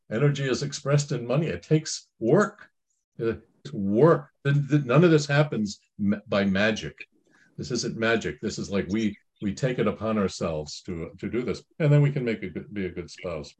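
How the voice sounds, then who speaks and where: A man's voice: on the low side, darkish tone. A middle-aged man giving informal Christian family counsel. He comments on a reading in a rambling, folksy way, with many restarts and asides.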